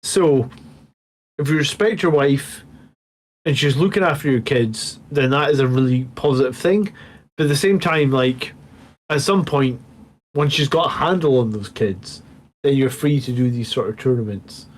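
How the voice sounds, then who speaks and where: A man's voice: medium pitch, normal speed. A man in his thirties hosting a late-night hobby livestream, rambling casually and swearing freely as he thanks viewers over beer and whiskey.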